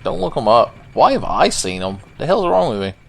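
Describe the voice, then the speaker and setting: A man's voice: mid-range voice, sing-song, a little fast, vocal fry, fairly bright tone. A man giving let's play commentary in a jokey, profane, rambling way. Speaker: gameplay commentator.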